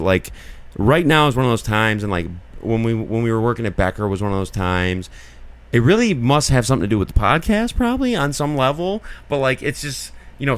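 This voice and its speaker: Low, smooth-voiced man rambling earnestly. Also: a bit bright. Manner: rambling and earnest, many filler likes. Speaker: podcast co-host. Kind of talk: casual chat.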